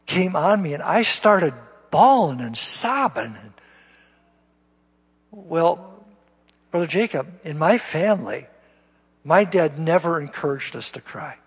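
A man shares how he came to faith during a church sermon, folksy and self-mocking, in a voice on the high side with lively intonation. He talks slowly with frequent pauses, his tone fairly bright with a breathy edge, and the dull lo-fi recording echoes with long reverb.

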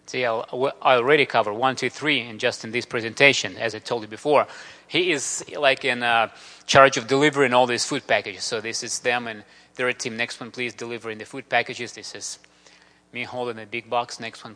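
Male missionary, bright, forceful delivery, earnest and grateful storyteller, long hall reverb. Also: mid-range voice. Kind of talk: church mission presentation with slides.

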